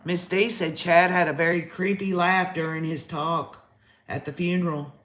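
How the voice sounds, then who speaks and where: A man's voice: a little high, steady tone, moderate pace, a bit bright, echoey room. A man hosting a live-stream trial recap, reading chat comments aloud and reacting with emotion. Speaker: host.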